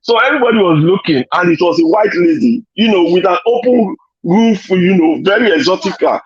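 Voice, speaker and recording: A man's voice: high-pitched, lively intonation, brisk, muffled recording. A man from Nigeria with a Nigerian accent, telling stories on a casual online panel call over video, full of "you know" fillers. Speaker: panel guest.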